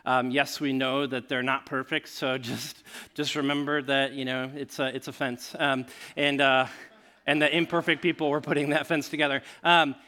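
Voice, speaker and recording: A man's voice: mid-range voice, normal speed. A man preaching to his church, first praying and then telling a story, with many fillers and restarts. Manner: grows animated and laughing while telling a story. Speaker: pastor. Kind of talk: sermon with storytelling.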